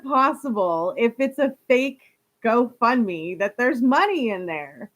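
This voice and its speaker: A woman's voice: fairly high pitch, sing-song, takes it slowly, fairly bright tone. A woman chatting casually on a live stream, reading viewer comments aloud and laughing often.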